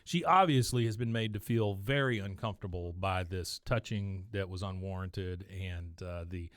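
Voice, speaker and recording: A man's voice: low voice, normal speed, no room sound, clean studio sound. A man co-hosting a podcast, casually recapping an episode scene by scene and briefly lifting his voice for quoted lines. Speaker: podcast co-host.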